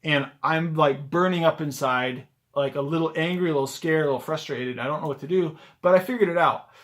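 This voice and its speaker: A man's voice: fairly high pitch, fairly quick. A man vlogging as a rideshare driver, telling a story casually to a camera on a gimbal, with lots of "like" fillers. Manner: chatty, animated, lots of "like" fillers. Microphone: handheld camera on a gimbal.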